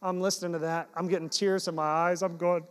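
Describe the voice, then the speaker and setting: A high-voiced male pastor shares personal stories from the pulpit, mixing playful self-mockery with earnest exhortation. His voice carries a long reverb from the church sanctuary. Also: a little fast, smooth. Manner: storytelling, animated, self-deprecating humor.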